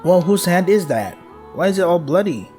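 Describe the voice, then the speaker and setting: A man's voice: high-pitched, sing-song, moderate pace, dark tone, soft background music. A man streaming a game, reading its text aloud and swearing at it as he laughs.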